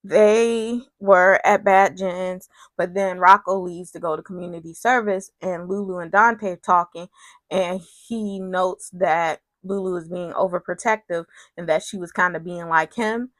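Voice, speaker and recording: A woman's voice: fairly low pitch, unhurried, dry recording. Chatty, opinionated woman with a dry sound. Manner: chatty and opinionated, acts out quotes in a shifting voice; animated, voice jumps up when exasperated. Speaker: recap vlogger. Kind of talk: casual soap opera recap.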